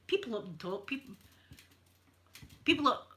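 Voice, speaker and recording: A woman's voice: fairly high pitch, big pitch swings, normal speed, bright, forceful tone. A Scottish woman hosting her channel, telling rambling stories in casual chat and laughing often. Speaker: channel host.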